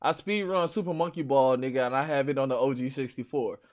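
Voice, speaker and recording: A man with a Chicago accent, hosting a stream with loud, profane, boastful trash talk about games. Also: mid-range voice, quick pace. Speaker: stream host. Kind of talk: casual gaming chat.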